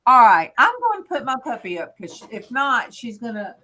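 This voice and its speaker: A woman chatting casually with friends on a video call, animated and quick to laugh. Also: on the high side. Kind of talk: casual group video chat.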